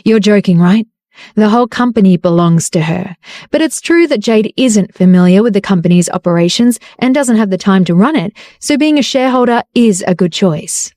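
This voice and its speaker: An icy, arrogant young billionaire man speaks in calm, sarcastic tones, read by a woman. The voice is warm and mellow in timbre, recorded close and dry. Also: mid-range voice, moderate pace, no room sound, natural voice. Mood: cold sarcastic.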